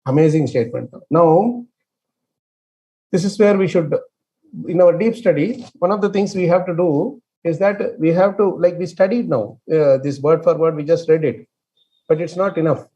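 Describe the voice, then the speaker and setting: A man leading an online scripture class. He explains with many fillers and restarts and chants verses very slowly. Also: a little high, dark tone, muffled recording. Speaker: scripture study teacher.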